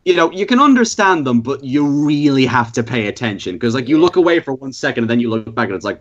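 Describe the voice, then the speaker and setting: A man's voice: mid-range voice, lively intonation, a little fast, highs cut off. An Irish man chatting casually on a podcast, rambling with many fillers and restarts. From Ireland. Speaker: podcast guest. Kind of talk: casual chat.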